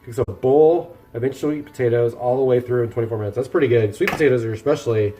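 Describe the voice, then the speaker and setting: A man's voice: medium pitch, fast, mellow, soft background music. Easygoing man chatting while cooking. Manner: chatty and self-deprecating, talking to chat while working. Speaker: livestreamer cooking meal prep. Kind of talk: casual live-stream chat while cooking. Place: home kitchen.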